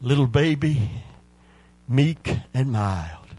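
Male pastor, sermon delivery, slow and deliberate, bursts into fervent shouting. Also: medium pitch, expressive. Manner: storytelling preacher, rising to loud fervent shouts.

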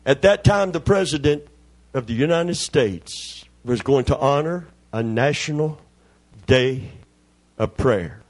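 A man, a preacher telling a folksy, animated story during a sermon. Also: medium pitch, slow pace. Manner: folksy, animated, acts out voices.

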